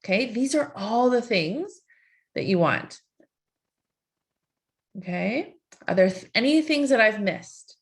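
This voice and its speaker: A woman's voice: a little high, lively intonation, slow pace, pauses often. Coaxing woman coach asking questions. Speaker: life coach. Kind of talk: live online coaching session.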